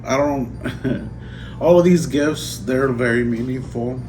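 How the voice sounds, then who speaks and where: A man in a casual unboxing vlog who talks in an emotional, halting way, choking up and trailing off. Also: medium pitch, a little mellow. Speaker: vlogger. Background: music.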